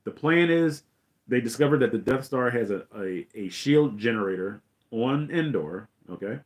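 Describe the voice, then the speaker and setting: A middle-aged male host talks through a film scene by scene. His voice sits at an ordinary pitch, and he rambles eagerly with lots of fillers. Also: moderate pace. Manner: excited, rambling retelling with many fillers. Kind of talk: casual film recap commentary.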